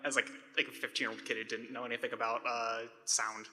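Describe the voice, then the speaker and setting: A man in a convention crowd asks his question casually, pausing and filling gaps as he goes. His voice is very bright and sharp-edged, and a long hall reverb surrounds it. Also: medium pitch, flat delivery. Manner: casual, hesitant, many fillers. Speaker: fan asking a question. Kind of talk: audience Q&A question.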